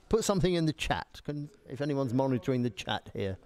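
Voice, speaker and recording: A man, joking and chatting playfully as a performer in a live demonstration. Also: mid-range voice. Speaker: green screen performer.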